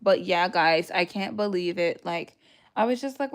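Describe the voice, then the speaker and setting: A woman's voice: mid-range voice, normal speed, clean tone. A woman, hosting a casual livestream, chatting with viewers, laughing often and acting out what people told her. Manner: retells conversations in put-on voices. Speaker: livestream host.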